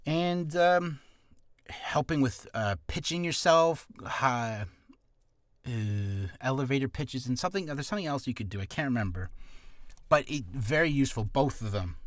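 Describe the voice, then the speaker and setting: A man's voice: medium pitch, moderate pace, no room sound. A man who is an aspiring voice actor talks through a casual tutorial vlog from a home studio, rambling and correcting himself as he goes. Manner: rambling, self-correcting, animated.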